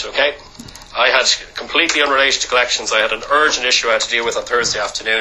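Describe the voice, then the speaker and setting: A man giving a training lecture to a class. He talks loudly and briskly, checking in with "okay?" after nearly every point. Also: fairly low pitch, a little hiss or hum, low-quality recording. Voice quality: loud voice. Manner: brisk, peppers lines with "okay?".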